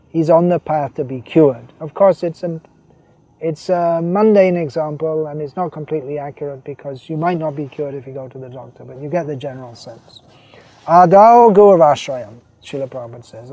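A man giving a devotional sermon, reading quotations and explaining them, slowing down to stress key phrases. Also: a little high, warm tone. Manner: voices quoted figures, slows to stress key phrases. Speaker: preacher.

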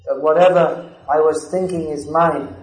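A man with a somewhat high voice gives a scripture class lecture. He speaks earnestly and leans into emphatic stress. The sound rings around an echoey room. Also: steady tone, a little slow. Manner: recites verses in a chanting cadence. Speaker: spiritual lecturer.

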